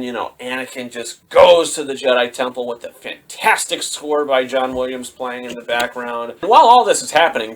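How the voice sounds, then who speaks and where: A man casually retelling and reviewing a film, rambling with plenty of "you know" and "just like". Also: mid-range voice. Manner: rambling, full of fillers. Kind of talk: casual movie review vlog.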